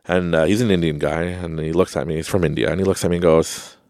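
This podcast host has a low, darkish voice, fairly even intonation, and a fast way of talking. He tells rambling stories in a casual monologue, packed with fillers and frequent laughs. The sound is dry and studio quality.

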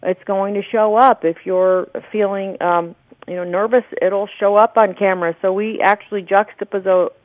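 A woman's voice: mid-range voice, steady tone, moderate pace, no room sound. Woman on a tinny phone line. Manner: earnest, explanatory, laughs often. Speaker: guest, documentary producer and spiritual teacher. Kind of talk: radio interview.

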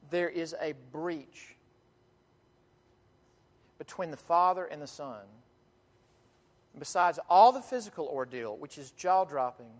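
A man preaching a sermon in earnest, emphatic tones, with dramatic pauses and frequent restarts, in a church sanctuary. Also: a little high. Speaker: pastor. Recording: long hall reverb.

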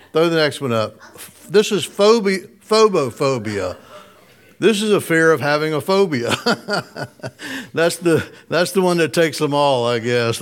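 A man preaching a casual, conversational sermon, chuckling often and putting questions to his listeners. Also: fairly high pitch. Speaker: pastor.

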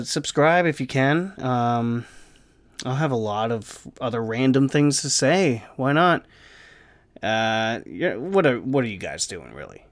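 A man hosting a casual solo podcast rant from home, rambling and self-deprecating, with plenty of swearing. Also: mid-range voice. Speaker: podcast host. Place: home room with the fan off.

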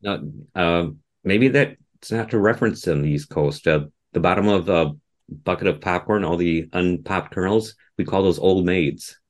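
A man's voice: sits low, moderate pace. A man from the Midwest, co-hosting a podcast in casual chat, self-deprecating and often restarting his sentences. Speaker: podcast co-host.

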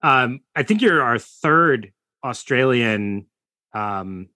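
A man's voice: medium pitch, animated, slow pace, sharp tone, no room sound. A man hosting a podcast interview in a casual, upbeat way. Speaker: podcast host.

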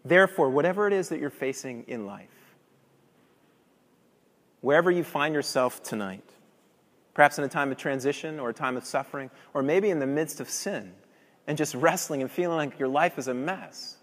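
A man preaching a sermon as pastor, swelling loud and emphatic, then dropping soft and low. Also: normal speed. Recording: long reverb of a large hall.

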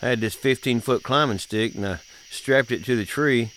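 A man's voice: medium pitch, moderate pace, fairly bright tone, a little hiss or hum. A middle-aged man telling family stories in a casual, drawling, laughing way. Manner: folksy, drawling, laughs often. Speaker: podcast host, father. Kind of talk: casual storytelling chat.

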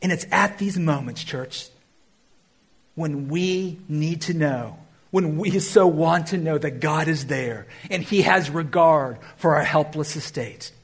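A man preaching a sermon, addressing the church with emphatic rises and quiet, drawn-out phrases. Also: fairly high pitch, husky. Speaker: pastor.

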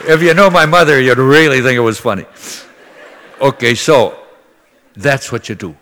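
A man's voice: medium pitch, lively intonation, moderate pace, fairly bright tone, long reverb tail, a faint crowd, slight background noise. An older man, a priest from Minnesota, preaching in a folksy, conversational way and acting out the voices in his stories. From Minnesota, USA. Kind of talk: sermon with storytelling.

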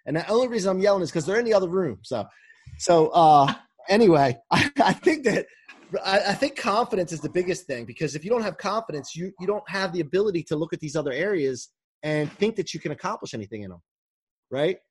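A husky, high-pitched man talks fast and expressively. He's a coach appearing as a podcast guest from home during quarantine, chatting casually and eagerly in interview style, often rambling and restarting his sentences.

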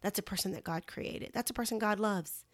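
A middle-aged woman with a lilt talks straight to her listeners, earnest and candid, calling them "you guys." Her voice is recorded dry and close, with no room sound around it, and her pitch sits at an ordinary middle height for a woman. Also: a little fast, no room sound. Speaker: vlogger giving encouragement. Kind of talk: casual heartfelt talk to camera.

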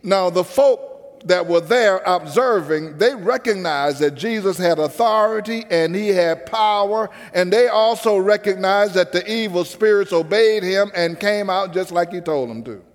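A man's voice: sits high, measured pace, in a large hall. A man preaching a sermon with a rhythmic preaching cadence, calling out to the congregation.

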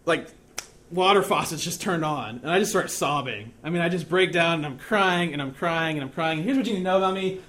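A man's voice: high-pitched, fairly bright tone, slight background noise. Conversational man preaching a sermon. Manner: conversational, self-deprecating storytelling with frequent 'okay?' and 'right?'.

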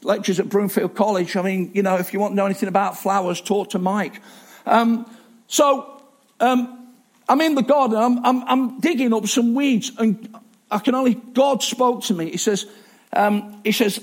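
A man's voice: sits high, moderate pace. A man preaching a sermon in a chatty, self-deprecating way, with asides and restarts.

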